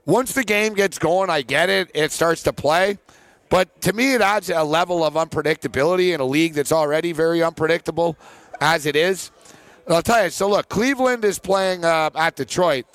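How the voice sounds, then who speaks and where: A man's voice: fairly high pitch, fairly quick, fairly bright tone, no room sound. A man co-hosting a sports betting show, telling rambling stories full of fillers and laughs in a casual chat.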